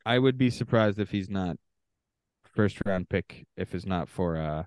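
A man's voice: low-pitched, lively intonation, a little slow, darkish tone, no echo. A man co-hosting a podcast, chatting casually and teasingly about a reality show cast over a video call, swearing freely and laughing often. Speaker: podcast co-host.

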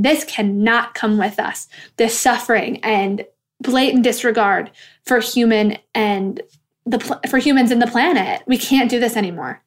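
A woman's voice: a little high, measured pace. A woman in her thirties talking in a casual, earnest monologue, getting impassioned and swearing when angry.

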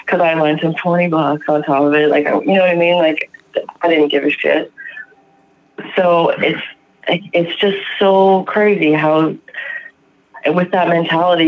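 A man from Canada telling a candid personal story in a rambling, profane way, full of fillers. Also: a little high. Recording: dull lo-fi sound.

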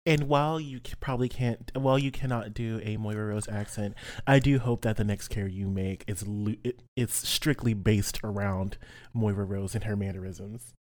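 Animated gossipy man chatting. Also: on the low side. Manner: animated, gossipy, quick asides. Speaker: podcast co-host and player. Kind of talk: casual chat.

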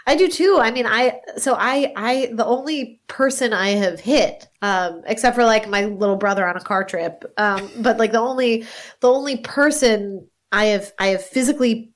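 Woman, 30s, slightly high voice, chatty storyteller who laughs a lot. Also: moderate pace. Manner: rambling storyteller, laughs often, swears. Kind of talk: casual chat.

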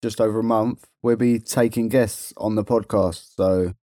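Brief: a man co-hosting a podcast, jokey banter, mellow tone, dry close sound. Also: fairly low pitch, fairly even intonation, normal speed, dry recording. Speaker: podcast co-host. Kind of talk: casual chat.

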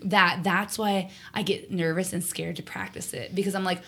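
A woman's voice: lowish voice, fairly even intonation, normal speed, vocal fry, fairly bright tone. A woman co-hosting a podcast, chatting casually and eagerly, with lots of filler words. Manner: chatty, enthusiastic, many "like" fillers. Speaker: podcast co-host. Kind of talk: casual chat.

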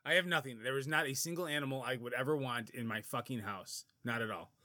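A middle-aged man trading casual jokes on a podcast, laughing a lot and knocking himself down. His voice is bright and forward, recorded dry and close with no room sound. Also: mid-range voice, fast talker, no room sound. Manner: laughs often, self-deprecating. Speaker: podcast co-host. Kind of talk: casual banter.

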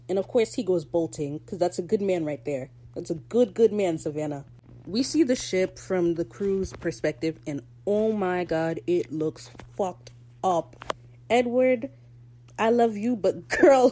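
A young woman hosting a casual podcast recap, talking on her own with a fairly low, dark, mellow tone. She gushes, swears and breaks into sudden excited outbursts, then settles back into chatty commentary. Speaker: podcast host.

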